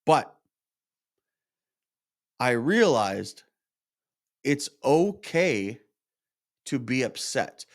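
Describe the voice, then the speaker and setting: A man's voice: mid-range voice, very animated, extremely slow, pauses often. A man, a podcast host, telling a personal story in a candid, self-reflective monologue, openly frustrated and swearing at times.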